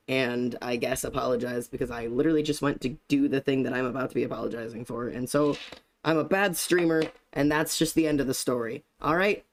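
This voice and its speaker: A young man live-streaming, greeting viewers by name and joking in a self-deprecating way, with casual swearing. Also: mid-range voice.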